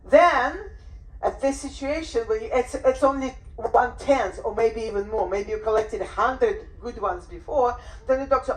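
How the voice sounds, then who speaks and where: Animated woman teaching in an echoey room. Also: a little high, moderate pace. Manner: animated, acts out owner and dog voices. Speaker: dog behaviour trainer. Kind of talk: workshop talk. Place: room on a cruise ship. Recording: roomy echo.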